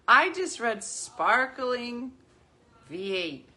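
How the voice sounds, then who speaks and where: A woman in her forties hosting a casual chat with viewers from her living room, chatty and animated, jumping from topic to topic. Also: fairly high pitch, slow. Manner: chatty, animated, jumps between topics and laughs often. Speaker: livestream host.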